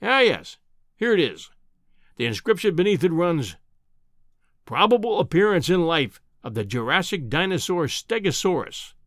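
A man's voice: high voice, sing-song, moderate pace, fairly bright tone, dry recording, studio quality. A man reading an audiobook, voicing a bombastic, scornful older male professor who lectures with an air of triumph. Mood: condescending.

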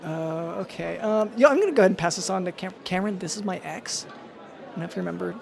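A man's voice: high-pitched, quick pace, gravelly, darkish tone. A man performing an improvised comedy scene, hesitant and stammering with lots of awkward fillers.

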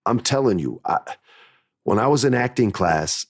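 Podcast host, male, low voice, dry close sound, candid and emphatic storyteller. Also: lively intonation, moderate pace, creaky, breathy edge, no echo.

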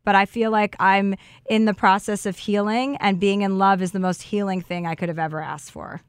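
A woman's voice: mid-range voice, steady tone, moderate pace, clear, resonant tone, no room sound, clean studio sound. A woman chatting openly and emotionally about healing and love as a podcast guest. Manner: emotional, effusive, warm-hearted talk of healing. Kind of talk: casual heartfelt chat.

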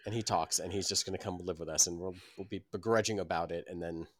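A man with a very low voice talks through his thoughts on a podcast, rambling and thoughtful. The sound is dry and close, with no room around it. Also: fairly even intonation, fast, dry recording. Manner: rambling, thoughtful with many fillers. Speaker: podcast co-host. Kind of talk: casual chat.

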